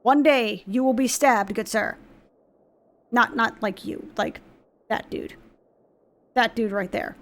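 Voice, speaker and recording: A woman's voice: on the high side, takes it slowly, long pauses. A woman streaming a video game, reading character dialogue aloud and adding playful, sarcastic, swearing commentary.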